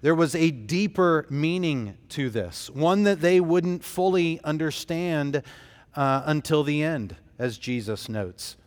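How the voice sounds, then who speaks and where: Slow, earnest male pastor preaching. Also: on the high side, big-room sound. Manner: earnest, emphatic storytelling. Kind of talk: sermon.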